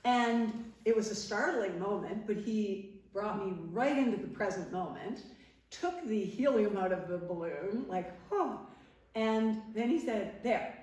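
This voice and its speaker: Speaking at a measured pace in a darkish mid-range voice, a middle-aged former TV interviewer from Nova Scotia, Canada, gives a storytelling talk as a guest speaker in a parish hall. She's energetic, often laughs, and acts out the voices of those she quotes. The recording carries strong hall echo, with her voice coming from far off.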